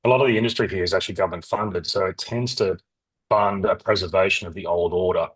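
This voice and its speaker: A man's voice: sits low, husky, rough recording. A middle-aged man, a company founder telling stories in a candid interview, rambling and acting out the voices of people he quotes. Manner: rapid, rambling, animated, acts out quoted dialogue.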